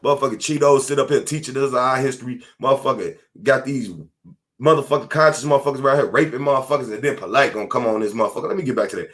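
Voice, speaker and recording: A man's voice: medium pitch, very fast, fairly bright tone. A man hosting a podcast, delivering an angry, profane and confrontational monologue from home. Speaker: podcast host.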